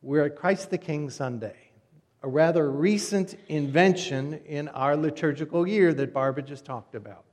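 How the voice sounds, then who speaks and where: Male pastor, chatty sermon delivery that fades soft at phrase ends, lightly raised pitch, echoing sanctuary. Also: normal speed. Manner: conversational storytelling, voice drops soft at phrase ends. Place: church sanctuary. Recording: long reverb of a church hall.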